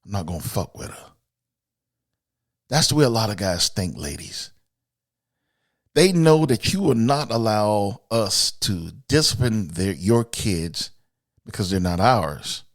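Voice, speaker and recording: A man hosting a podcast, delivering a blunt, profane, opinionated monologue aimed at women, swinging between loud outbursts and low asides. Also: animated, unhurried. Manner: blunt, profane and emphatic, addressing women directly. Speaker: podcast host.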